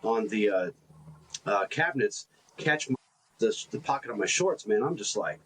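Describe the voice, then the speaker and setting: A man co-hosting a podcast in casual reflective chat, animated and self-deprecating in his stories, often repeating his words. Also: on the low side, moderate pace, breathy edge, low-quality recording. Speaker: podcast co-host.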